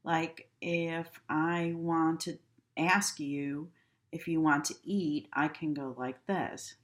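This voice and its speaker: Woman teacher recording a class at home, slow-paced, demonstrative. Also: sits low, steady tone. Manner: slow, demonstrative, acts out tones and gestures.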